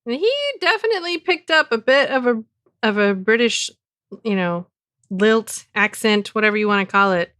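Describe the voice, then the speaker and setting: A woman co-hosting a podcast in casual chat, talking in halting bursts with easy laughter. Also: on the high side, animated, a bit bright, no echo, clean studio sound. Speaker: podcast co-host.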